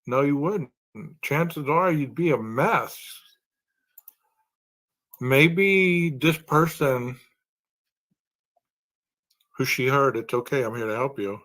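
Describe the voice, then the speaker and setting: A man's voice: mid-range voice, a bit bright. A man hosting a true-crime podcast. He reasons aloud and poses long strings of rhetorical questions. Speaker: podcast host.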